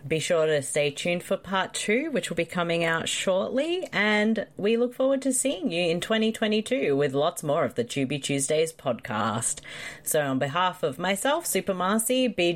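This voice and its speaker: Teasing woman podcast host. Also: on the low side. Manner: teasing, laughing, sharp comebacks. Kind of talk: casual podcast banter.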